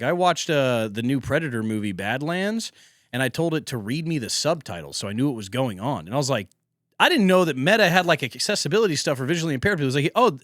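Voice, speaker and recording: Male podcast host, lively swinging delivery, dry close sound, swears a lot. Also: mid-range voice, no echo. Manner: animated, profane storytelling with acted-out quotes. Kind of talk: casual storytelling chat.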